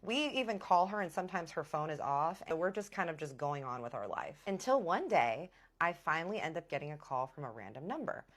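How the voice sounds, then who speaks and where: A woman telling a personal story in a vlog, animated and dramatic, with big emotional swings. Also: low-pitched, a little fast, few pauses. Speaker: vlogger.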